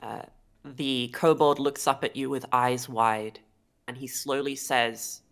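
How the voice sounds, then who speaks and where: A woman narrating as game master of a tabletop game over a video call, with halting speech and frequent restarts. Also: extremely low pitch, steady tone, vocal fry. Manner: halting, lots of fillers and restarts.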